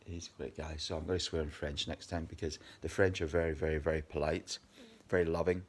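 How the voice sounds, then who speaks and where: A man's voice: a bass voice, level tone, a little fast, slight background noise. A Scottish man in his fifties, exhausted, rambling and swearing angrily in a personal video diary. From Scotland. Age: 50s. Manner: agitated, rambling, heavy swearing. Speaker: video diarist.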